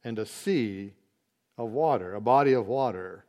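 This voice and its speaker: A man teaching a Bible study, explaining word meanings slowly and deliberately, with occasional fillers. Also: medium pitch, animated, a little mellow.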